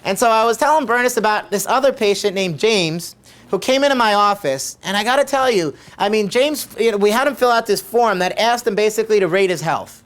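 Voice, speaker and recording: Chiropractor telling a patient story. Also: male voice, sits high, expressive, fairly quick, fairly bright tone. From United States. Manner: conversational, repeats questions for emphasis.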